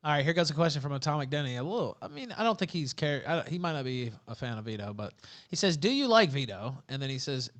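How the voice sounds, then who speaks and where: Bright-voiced male stream host. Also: a little high, big pitch swings, fast, hardly any pauses. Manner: loose, reads viewer questions aloud with filler. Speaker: livestream host reading chat questions. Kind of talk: casual livestream chat.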